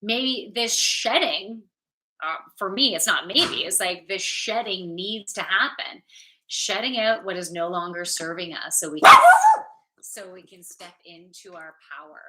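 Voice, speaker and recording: A woman's voice: mid-range voice, measured pace, bright, forceful tone, slight background noise. A woman from Ontario, Canada, chatting casually with viewers on a livestream as a yoga teacher and intuitive reader. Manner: upbeat and chatty, greets viewers by name.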